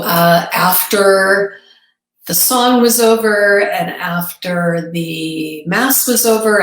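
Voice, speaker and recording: A woman with a fairly low voice, a podcast guest, tells a personal story earnestly and reflectively, halting and restarting as she goes. The room is echoey.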